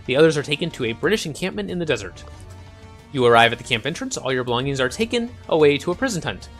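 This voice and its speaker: A man's voice: fairly high pitch, very animated, quick pace, fairly bright tone. A man hosting a casual let's-play, chatting and reading game text aloud. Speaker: gaming channel host. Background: faint game music.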